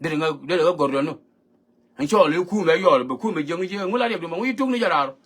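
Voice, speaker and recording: A man's voice: on the high side, animated, a little fast, breathy edge. A man giving an emphatic, lecturing monologue, switching between languages as he talks. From South Sudan. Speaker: online commentator. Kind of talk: monologue talk mixing languages.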